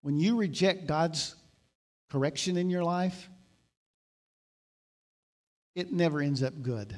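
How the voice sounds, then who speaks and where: Brief: male pastor, high-pitched, conversational sermon that swells into exhortation. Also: slow pace, a little mellow. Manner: conversational preaching, rising to emphatic exhortation.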